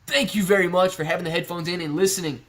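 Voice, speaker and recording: This livestream host, a man, reads viewers' stock questions from the chat and replies in a laid-back, chatty manner, laughing often and calling people "man" and "bro". His high-sitting, fairly bright voice moves at a quick pace with fairly even intonation.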